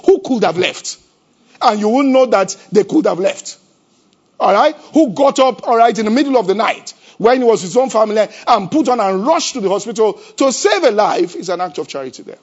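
A man preaching a sermon as pastor. He keeps asking the congregation rhetorical questions and swings between loud emphasis and a low, conversational tone. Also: animated, brisk. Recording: dull lo-fi church recording.

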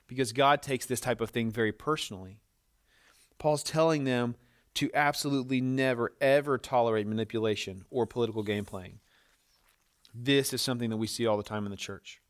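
Emphatic male pastor preaching. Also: medium pitch. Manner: emphatic, repeats words when stressing a point; frequent small restarts while explaining. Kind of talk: sermon.

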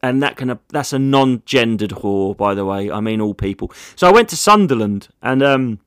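A man's voice: mid-range voice, expressive, normal speed, a bit bright, clear, resonant tone, no room sound, clean studio sound. A man, a comedian hosting a casual solo podcast, rambling through jokey stories with plenty of swearing.

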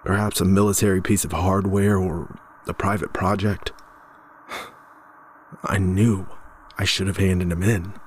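A man narrates a first-person horror tale at a very unhurried pace. His voice sits fairly low, and he keeps a measured, somber tone, sometimes stumbling over a word. A faint ambient hum lies under the voice. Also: little pitch movement. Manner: measured, somber storytelling with occasional stammers.

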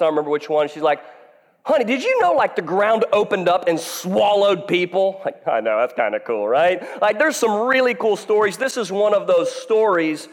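A man in his thirties preaching a sermon as pastor, playful and joking with the congregation. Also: a little high. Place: church hall. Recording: long hall reverb.

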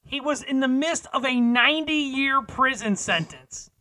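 Male podcast co-host, bright and punchy, teases each news beat; dry studio sound. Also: extremely high pitch, unhurried, no room sound, rough recording. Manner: teasing, with dramatic build-ups. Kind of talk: casual podcast news chat.

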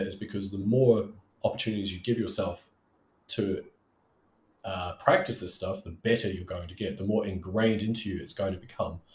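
A man's voice: on the low side, a little mellow. Man coaching sales in a roomy echo. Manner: conversational, with many fillers and restarts. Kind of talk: casual coaching monologue.

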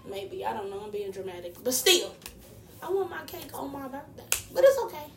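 Gravelly-voiced woman telling a lively story. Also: high-pitched, brisk. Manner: animated storyteller, acts out quotes. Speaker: podcast co-host. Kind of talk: casual chat. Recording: echoey room, distant mic.

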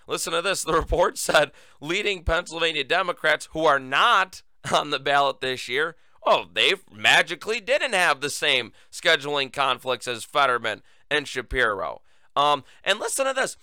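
A man hosting a solo political talk show, sarcastic and animated, repeating words when he gets worked up. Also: on the high side, normal speed, smooth, dry recording, clean studio sound.

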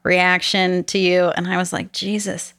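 A woman's voice: on the low side, normal speed, no echo, clean studio sound. Blunt, laughing young woman podcaster. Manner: blunt, laughs often, animated when retelling stories. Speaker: podcast co-host. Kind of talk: casual chat.

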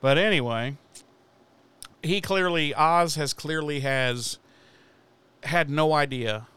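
A man's voice: fairly high pitch, takes it slowly, bright, forceful tone, smooth, no room sound. A man hosting a podcast, recapping an episode in casual, profane chat and laughing at the story. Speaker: podcast host.

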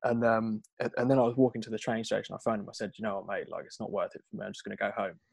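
A man's voice: on the low side, little pitch movement, rapid-fire, creaky, breathy edge, no echo. A man co-hosting a podcast, rambling through a long story, acting out the dialogue and laughing along the way. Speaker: podcast co-host. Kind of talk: casual anecdote telling.

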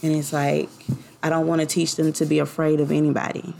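A young woman hosts her own podcast in a loose, confessional monologue. Her voice sits low for a woman and carries a gravelly fry. She rambles warmly from thought to thought, full of likes and you knows. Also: flat delivery, fairly quick, a little hiss or hum. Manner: rambling and heartfelt, many fillers. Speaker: podcast host. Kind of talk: casual personal podcast monologue.

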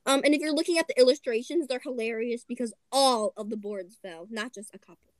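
A woman's voice: fairly high pitch, brisk, no echo. A woman hosting a podcast, reading a children's picture book aloud with giggly, chatty asides. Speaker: podcast host.

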